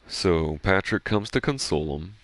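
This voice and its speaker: A man chatting casually over gameplay, rambling excitedly and swearing freely. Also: low voice, normal speed. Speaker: gaming streamer.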